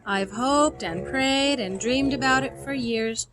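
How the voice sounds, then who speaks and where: A woman voicing a gentle, grieving preacher father who speaks low, slow and soft. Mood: sad.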